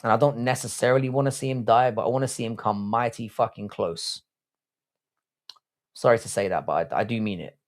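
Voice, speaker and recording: A young English man hosting a livestream talks in a fairly low voice, blunt and crude as he reads out the chat. He rambles from one thought to the next and restarts his sentences often. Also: a little fast. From England. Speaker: livestream host reading chat. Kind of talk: casual live-stream chat.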